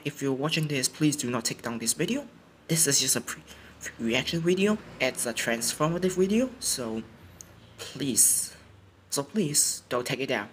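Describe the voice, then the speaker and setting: A young man at home, sleepy from waking up early, rambles through a casual reaction with many restarts. His voice sits at a middle pitch. A faint hum of noise runs under the recording. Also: fairly bright tone. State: sleepy, just woke up. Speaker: YouTuber reacting to a trailer. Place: home, indoors. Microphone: home recording setup.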